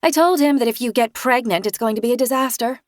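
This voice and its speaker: A woman's voice: on the high side, fast, no room sound, studio quality, voice pushed up, lightly acted. A woman narrator voicing a smug, sanctimonious woman who talks down to others with false sweetness. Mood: condescending.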